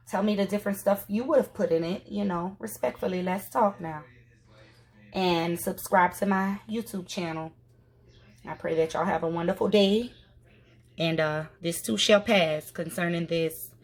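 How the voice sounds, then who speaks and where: A woman chatting through a cooking demonstration in her home kitchen, folksy and addressing viewers directly. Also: lowish voice. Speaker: cooking vlogger.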